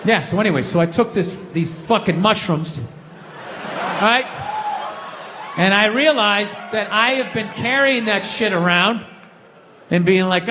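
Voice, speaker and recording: Man, middle-aged, stand-up comedy rant, shouting, high bright voice, reverberant hall. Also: measured pace, long pauses, background noise. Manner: loud ranting delivery with frequent shouting. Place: theater stage before a live audience. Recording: stage mic with long hall reverb.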